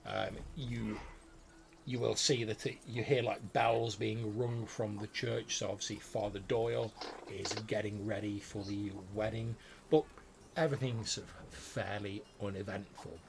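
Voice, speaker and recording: A man's voice: fairly low pitch, fairly even intonation, a little slow, creaky, noisy background. A man running a tabletop game as game master, narrating in a loose, rambling way with many fillers.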